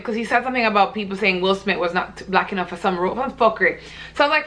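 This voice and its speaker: A woman's voice: fairly high pitch, lively intonation, fast, sharp tone. A young woman vlogger ranting to camera in a blunt, heated, profane way. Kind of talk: casual vlog rant.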